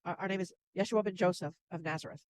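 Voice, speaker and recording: A woman guest who works as a spiritual channel, speaking gently and laughing softly between thoughts. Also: lowish voice, fast, a little hiss or hum, poor audio. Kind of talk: casual interview chat.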